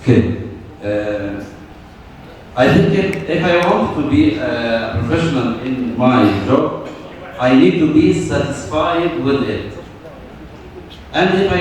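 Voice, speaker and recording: A man, a teacher in the audience, speaking in a measured, hesitant way. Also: medium pitch, a little mellow, a little hiss or hum. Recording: echoey hall from far off.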